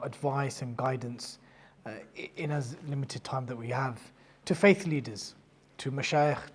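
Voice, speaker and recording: A man hosting a live panel discussion, speaking in a measured way with some hesitations. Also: mid-range voice. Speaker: podcast host, moderator. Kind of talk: moderating a panel.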